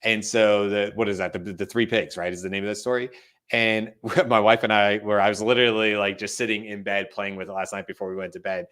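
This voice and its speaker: Podcast co-host, male, lower pitch, casual storyteller who mimics others. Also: a little fast, clean tone. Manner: animated storyteller, quoting and mimicking voices. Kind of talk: casual chat.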